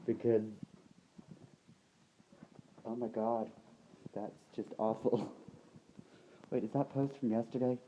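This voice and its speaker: A man's voice: medium pitch, steady tone, takes it slowly, long pauses, warm tone, a little hiss or hum, low-quality recording. A young man with a put-on American accent, talking casually in a rambling, sweary way full of ums and likes. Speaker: vlogger.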